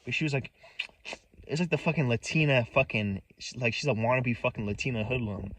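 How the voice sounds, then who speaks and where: A man's voice: mid-range voice, a little fast, fairly bright tone, no echo, rough recording. A man telling a personal story in a casual monologue, agitated and profane, rambling with many restarts. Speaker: vlogger.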